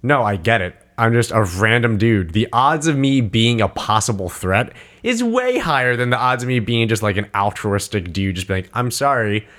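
A man's voice: fairly low pitch, expressive, normal speed, few pauses, a bit bright. A young man co-hosting a casual podcast, telling rambling stories and acting out the voices of people in them. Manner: rambling storyteller who acts out quoted voices. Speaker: podcast co-host.

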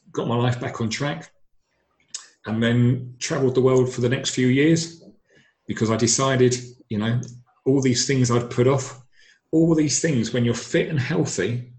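A man's voice: mid-range voice, unhurried, darkish tone. A middle-aged man, telling his personal story earnestly and emphatically, often repeating his words. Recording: echoey room.

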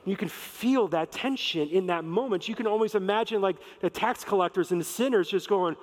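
A man's voice: high-pitched, a little fast, few pauses. A man preaching a sermon in a conversational, emphatic way, acting out quotes. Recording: long reverb of a large hall.

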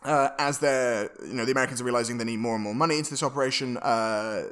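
A man's voice: medium pitch, fairly even intonation, quick pace, a bit bright, clear, resonant tone. A man co-hosting a casual film podcast, recapping the plot with many fillers and restarts. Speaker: podcast co-host.

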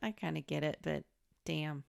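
A woman co-hosting a podcast, chatting casually about a movie with soft agreements and playful asides. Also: low voice, moderate pace, creaky. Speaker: podcast co-host.

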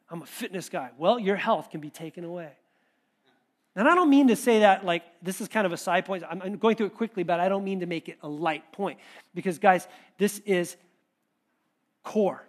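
High-voiced man preaching conversationally. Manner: conversational, animated preaching with quoted asides. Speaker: pastor. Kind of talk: sermon.

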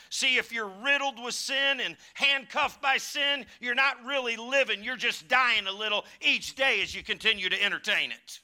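A man's voice: extremely high pitch, moderate pace, hardly any pauses, bright, forceful tone. A pastor preaching a sermon in a church, folksy and emphatic, building in fervor as he teaches. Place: church sanctuary.

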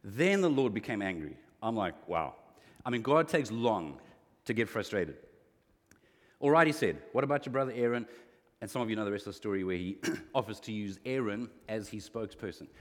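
A man preaching a sermon as a pastor, animated, acting out quoted lines with a rising voice. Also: on the low side, fairly quick, in a large hall.

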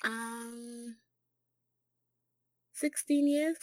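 A woman from Zimbabwe with a mixed Zimbabwean and British accent, calling in as a fan, hesitant and giggly with many pauses. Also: fairly high pitch, fairly even intonation. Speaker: caller, a fan.

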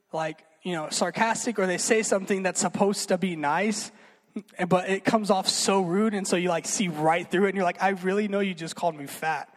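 Young man preaching in an echoey hall. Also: sits high. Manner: chatty, filler-heavy, animated storytelling. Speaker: youth speaker. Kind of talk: casual sermon. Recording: long hall reverb.

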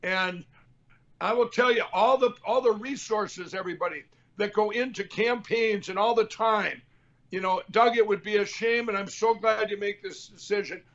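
High-pitched combative male host, rambling chat, slightly muffled sound. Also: moderate pace, fairly bright tone. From Minnesota. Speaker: show host. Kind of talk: casual political talk.

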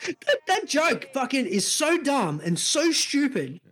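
A man's voice: extremely high pitch, wildly swooping pitch, unhurried, noisy background. A middle-aged Australian man co-hosting a podcast, swearing, laughing and joking in casual banter. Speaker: podcast co-host.

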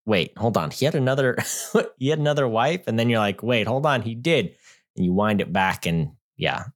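Low-voiced, dry-joking male co-host. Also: lively intonation, a little fast. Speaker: podcast co-host. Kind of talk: casual movie review chat.

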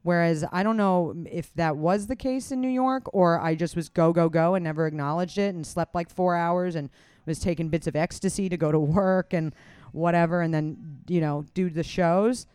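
Comedian rambling on a podcast, swears a lot, smooth clear voice, dry close mic. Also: medium pitch, normal speed, few pauses, a little mellow, no room sound. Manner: chatty, rambling, swears freely. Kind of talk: casual chat.

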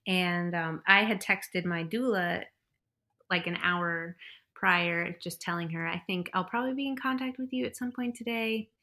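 A young mother tells her birth story in a casual, chatty way. Her voice is bright and forward, and she laughs often. She slips into little impressions of the people she quotes. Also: on the low side, moderate pace, gravelly. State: pregnant.

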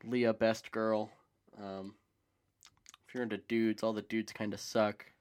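A man co-hosting a casual chat, rambling excitedly and swearing casually. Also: lowish voice, measured pace, clear, resonant tone. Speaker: podcast co-host.

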